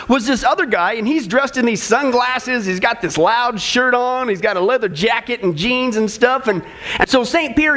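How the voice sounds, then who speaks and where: A man preaching in a notably high voice, with a loose, joking, conversational style. He keeps checking in with the audience with "folks" and "okay?" as he moves from jokes to warnings. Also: fairly bright tone. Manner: casual, jokey, keeps saying "folks" and "okay?". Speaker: pastor. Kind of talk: sermon with jokes.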